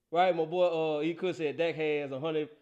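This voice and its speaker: A man's voice: a little high, vocal fry, muffled recording. A man hosting a casual sports talk show, laughing often and teasing. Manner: laughs a lot, animated and teasing.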